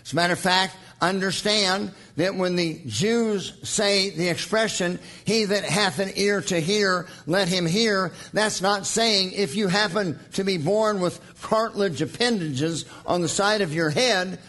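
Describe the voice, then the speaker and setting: A man preaching a sermon in an earnest teaching tone, slowing down for emphasis and reading scripture aloud. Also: sits high, a bit bright.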